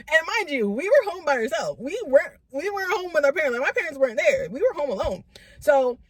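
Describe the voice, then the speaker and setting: A young woman telling a true story to her viewers in an animated, slangy way, often calling them "y'all". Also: high-pitched, brisk, no echo. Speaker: vlogger. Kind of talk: storytime vlog.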